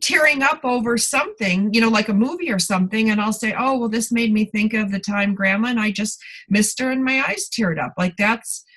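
A woman's voice: a little high, a little fast, fairly bright tone, rough recording. Candid middle-aged woman telling stories. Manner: candid storytelling, many fillers and restarts. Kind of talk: podcast conversation.

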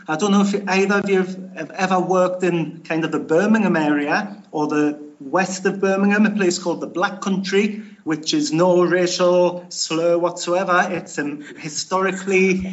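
A man's voice: sits high, a bit bright, dull audio. A man from Newcastle with a Geordie accent, chatting casually as an interview guest and laughing at himself. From Newcastle, England. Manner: chatty, self-deprecating, laughs often.

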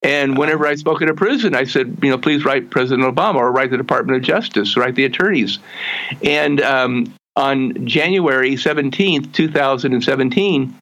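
An earnest man, a guest in an interview, tells his life story in a mid-range voice. He halts and restarts his phrases often. He slows right down when he wants a point to land. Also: medium pitch, fairly bright tone, poor audio.

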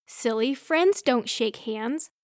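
A woman's voice: a little high, lively intonation, slow pace, no echo, studio quality. A woman doing a big cheerful young man. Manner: eager, bouncy. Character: huge friendly young man, cheerful and booming.

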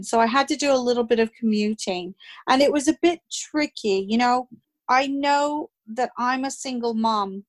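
A woman guest telling a personal story in a conversational way, hesitant, with frequent fillers and restarts. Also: fairly high pitch.

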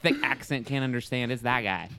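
A man's voice: medium pitch, fairly quick, over a noisy crowd. A man trading wry quips in a casual movie discussion.

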